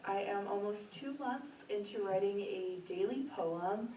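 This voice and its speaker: A woman's voice: medium pitch, unhurried, warm tone, a little hiss or hum. A woman reading her own poems at an open mic in a library community room, in an earnest, emotional voice. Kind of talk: poetry reading. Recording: roomy, distant, dull room sound.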